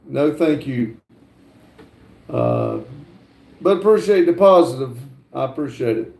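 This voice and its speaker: A middle-aged American man chats casually on a livestream, answering viewer comments between frequent "uh" pauses. His voice sits slightly high but sounds dark and mellow. The room gives it a roomy echo. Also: gravelly. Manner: halting, fills pauses with frequent "uh". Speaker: livestream host.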